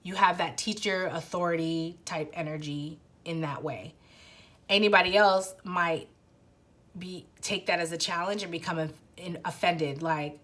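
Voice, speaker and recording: A woman's voice: on the low side, fairly even intonation, moderate pace, fairly bright tone. A young adult woman giving a casual pick-a-card tarot reading, talking to the viewer in a rambling way full of restarts and fillers. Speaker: tarot reader.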